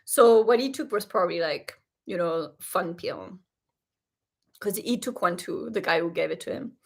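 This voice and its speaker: A woman hosting a casual reaction vlog, talking straight to her viewers in an animated, indignant way. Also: lowish voice, normal speed, vocal fry, slightly rough. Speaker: show reaction host.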